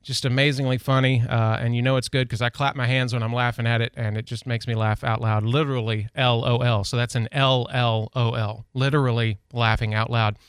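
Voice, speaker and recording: A man's voice: mid-range voice, flat delivery, brisk, hardly any pauses, smooth, dry recording. A man hosting a local radio talk show in a studio, chatting casually and rambling through personal stories. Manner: chatty, rambling, self-deprecating. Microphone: studio microphone.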